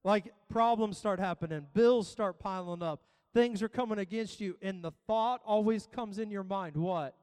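A man's voice: high voice, normal speed, few pauses, darkish tone, clean tone, big-room sound. A man preaching a sermon as pastor, building emphasis through repetition. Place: church.

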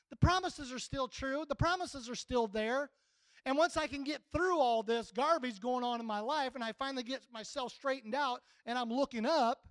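High-voiced folksy older preacher man. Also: fairly bright tone, no room sound, low-quality recording. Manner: folksy, plainspoken, conversational. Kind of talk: sermon.

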